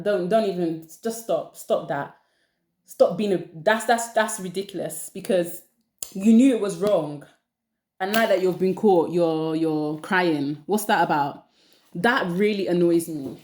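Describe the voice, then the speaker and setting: A young woman vents in a casual chat, exasperated and animated. Her voice sits at an ordinary middle pitch. The room echoes around her. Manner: exasperated, animated ranting with laughs. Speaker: channel host.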